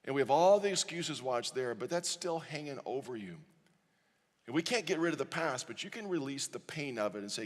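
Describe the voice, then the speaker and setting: A man preaching a sermon as pastor, earnest and pleading, dropping softly into quiet prayer lines. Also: mid-range voice, expressive, a little fast. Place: church sanctuary. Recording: church hall with long reverb.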